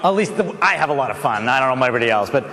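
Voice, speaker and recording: Guy doing a motivational speech, acts out voices, lively pitch, big echoey hall. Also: very fast, a faint crowd. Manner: animated, acts out voices and builds to shouting. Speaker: motivational speaker.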